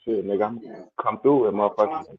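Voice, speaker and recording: A man hosting a casual podcast over a video call, hurried and repeating his words. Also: fairly low pitch, breathy edge, narrow, tinny audio. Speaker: podcast host running the call.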